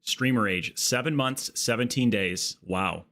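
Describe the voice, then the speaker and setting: A man's voice: medium pitch, a little slow, background noise. A man streaming a game live, chatting casually and riffing jokes with his chat. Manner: jokey, riffing excitedly with chat.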